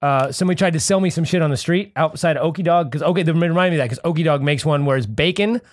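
A man hosting a casual podcast, telling animated stories with plenty of swearing and laughter. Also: fairly high pitch, racing, no echo, studio quality. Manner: animated storyteller, swears freely, laughs often. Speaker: podcast host. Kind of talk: casual chat and storytelling.

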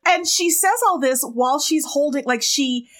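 A woman's voice: sits high, normal speed, fairly bright tone. Laughing woman chatting about a book. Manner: chatty, laughs often, quotes characters. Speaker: book podcast co-host. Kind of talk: casual chat about a book.

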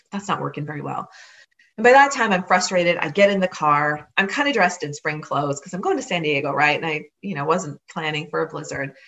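A woman with a fairly low voice tells a personal story with lively energy. She slips into the voices of the people she quotes as she goes. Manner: animated, acts out others' words.

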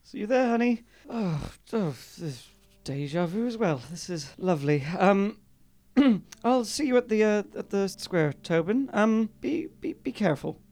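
Brief: man playing anxious, flustered woman, halting, fretful, lifted pitch. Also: animated, darkish tone. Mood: frazzled. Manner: hesitant, nervous laughter. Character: frazzled nervous woman, Falarhana.

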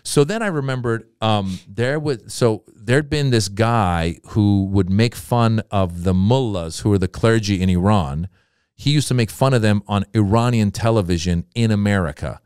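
A man's voice: lowish voice, moderate pace, darkish tone, smooth, no echo, clean studio sound. A man telling a comic story from his career in casual podcast talk, acting out the people in it. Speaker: comedian guest.

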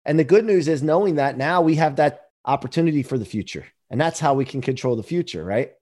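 Casual male interview host, chatty, tags lines with "right?", a touch high. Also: animated, fast talker, a little mellow. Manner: conversational, often asks "right?". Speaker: podcast host.

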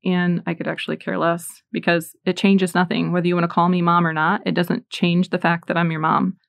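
Woman in her forties for a faith talk: earnest storytelling with scripture readings, lowish voice, dry and close. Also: flat delivery, a little fast, gravelly, no echo. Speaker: Catholic speaker. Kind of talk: faith talk with personal stories.

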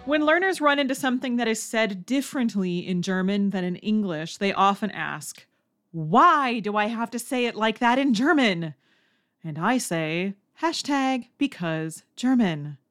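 A woman hosting a language-learning podcast, reading a scripted lesson and acting out learners' questions in a higher voice. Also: expressive, moderate pace, fairly bright tone, faint music behind. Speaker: language teacher and podcast host.

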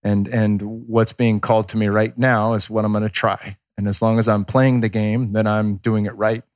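Low-voiced man in his thirties, candid and rambling. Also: little pitch movement, moderate pace, no echo, clean studio sound. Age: 30s. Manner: candid and rambling, swears freely, acts out quotes. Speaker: podcast guest. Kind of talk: casual podcast conversation.

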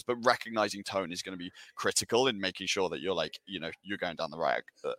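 A man hosting a casual panel discussion, energetic and chatty, with many fillers and restarts. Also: low voice, fast, hardly any pauses, no room sound. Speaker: webinar host.

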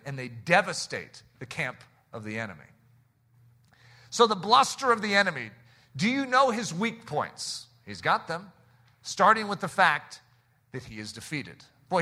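Male pastor, sermon, high voice, very bright and forceful, animated preaching. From United States. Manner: animated preaching, drops low and quiet for acted quotes.

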